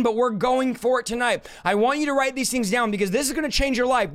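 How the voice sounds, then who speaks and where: A man preaching a sermon in a loud, impassioned way. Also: very high-pitched, smooth.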